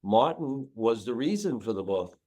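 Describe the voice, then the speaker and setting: A man speaking as a guest on a podcast, telling stories about his work with dogs. He talks in an animated, emotional way, his pitch jumping around as he repeats phrases for emphasis. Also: normal speed. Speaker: dog trainer and author, podcast guest. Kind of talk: casual interview talk.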